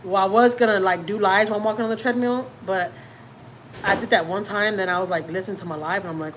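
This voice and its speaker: Speaking quickly in a steady, mid-range voice, this Houston, Texas woman runs a family vlog livestream from her home. She chats loosely with viewers, pokes fun at herself, and reads their comments out loud over a rough recording with slight hiss or hum.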